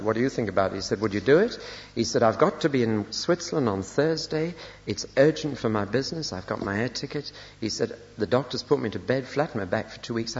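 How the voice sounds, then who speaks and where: An older man, a pastor preaching a sermon, telling personal stories with dry, self-deprecating humor. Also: on the low side. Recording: lo-fi recording in a reverberant church hall.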